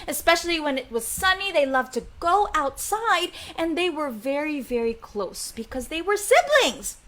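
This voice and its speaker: A woman telling a story live to children, animated and coaxing them to repeat lines. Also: sits high, unhurried, hardly any pauses. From Philippines.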